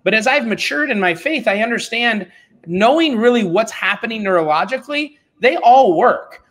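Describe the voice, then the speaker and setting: A middle-aged man talking as a podcast guest, telling stories in a blunt, animated, informal way. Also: high-pitched, fairly quick. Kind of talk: casual conversational storytelling.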